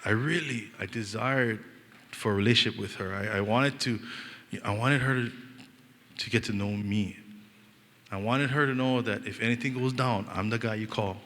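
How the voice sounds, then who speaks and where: A young man from Hawaii preaches with a relaxed Hawaiian Pidgin lilt, his voice bright and forward. He tells stories in an animated, joking way and acts out the people in them, and his words ring out in the long reverb of a church hall. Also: fairly low pitch, moderate pace, a little hiss or hum. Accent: Hawaiian Pidgin-inflected English. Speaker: pastor. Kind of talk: storytelling sermon.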